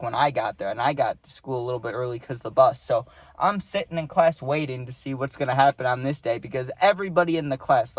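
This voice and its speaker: Animated young man telling a story. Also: medium pitch, dry recording. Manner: animated, heavy on filler words like "like" and "dude". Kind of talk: casual storytime.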